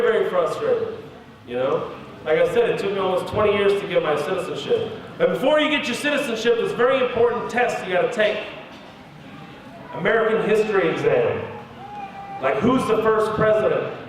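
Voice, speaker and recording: High-voiced comedian in an echoey hall. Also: male voice. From Kuwait. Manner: animated, quick, conversational. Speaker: stand-up comedian. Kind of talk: stand-up storytelling. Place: large hall at a mosque event. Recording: echoey hall, distant mic, crowd noise. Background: audience crowd.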